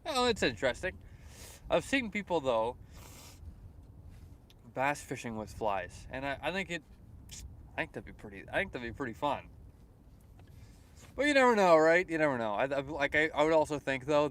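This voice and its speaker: This is a young Canadian livestreamer with a mid-range voice and a Canadian accent, out fishing by the water as the sun rises. Relaxed and talkative, he reads his viewers' messages out loud and answers them, dropping in frequent fillers.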